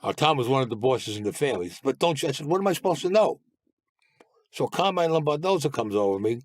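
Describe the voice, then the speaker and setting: A blunt man recounts his stories in an interview, with plenty of swearing and acted-out dialogue. His voice sits at an average pitch. The recording is dry and close. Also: expressive, rapid-fire, no room sound. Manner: blunt, profane, acts out quoted dialogue. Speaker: guest recounting past crimes. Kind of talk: storytelling interview.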